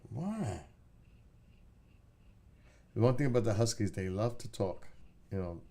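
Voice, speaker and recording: A man's voice: lowish voice, fairly quick, dark tone. A man chatting casually on a live stream, laid-back and rambling, swearing now and then and talking to his dog between comments. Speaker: skywatching livestreamer.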